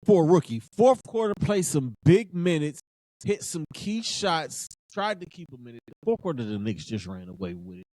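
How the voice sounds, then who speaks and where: A man with a high, light voice hosts a casual sports podcast. He talks emphatically and keeps circling back to the same phrases. The sound is dry and close, with no room around it. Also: very animated, normal speed, a little mellow, dry recording. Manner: fired-up, emphatic, repeats phrases for effect.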